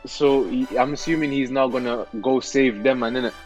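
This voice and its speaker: A man's voice: medium pitch, fairly even intonation, moderate pace, music in the background. A man bantering on a comedy podcast, incredulous and slangy, repeating his lines for laughs. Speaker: podcast co-host.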